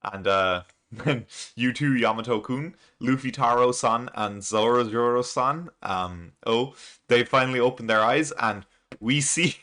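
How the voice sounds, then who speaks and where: A manga reaction channel host recaps a comic chapter in an unhurried, mid-range voice that sounds pushed and bright. He rambles loosely, chuckling often and leaning on lots of fillers.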